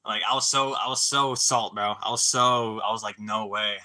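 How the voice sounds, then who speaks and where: A young man with a very bright, forward voice that sits on the low side talks casually to a live stream audience at a moderate pace and steady tone. He rambles through a story with stammering restarts, swearing freely and tossing "dude" and "bro" into nearly every line.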